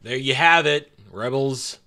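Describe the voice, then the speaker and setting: A man's voice: mid-range voice, unhurried, over music. A man giving a casual, opinionated show review in a sarcastic, scornful way, with mocking asides.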